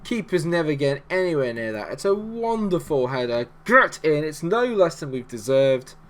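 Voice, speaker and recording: A man who makes gaming videos on YouTube narrates his own match as it happens, joking around excitedly and yelling whenever his team scores. His voice sits on the higher side, and he talks at a moderate pace.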